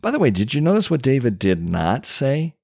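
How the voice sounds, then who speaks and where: A man preaching a sermon, teaching step by step with emphatic pauses and dramatic asides. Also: mid-range voice, huge pitch swings, gravelly, a little mellow, breathy edge, no room sound, studio quality. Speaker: pastor.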